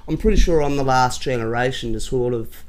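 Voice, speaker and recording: An Australian man in his forties hosting a podcast, easygoing and quick to agree in casual chat. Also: medium pitch. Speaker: podcast host.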